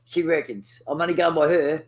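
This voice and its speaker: A man's voice: on the high side, fairly even intonation, fairly quick, a little mellow, low-quality recording. A man with an Australian accent hosting a crude, rambling casual chat, swearing constantly. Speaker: host.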